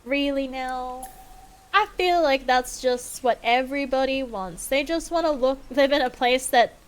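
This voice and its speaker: A woman's voice: high-pitched, moderate pace. A young woman streaming a game live, chatting casually with viewers in a playful, sarcastic way and swearing freely. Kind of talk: casual live-stream chat while gaming.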